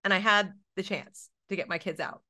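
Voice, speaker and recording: Middle-aged woman guest with a medium-pitched voice, animated, storytelling, voices the people she quotes. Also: moderate pace. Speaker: education consultant, interview guest. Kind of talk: storytelling in an interview.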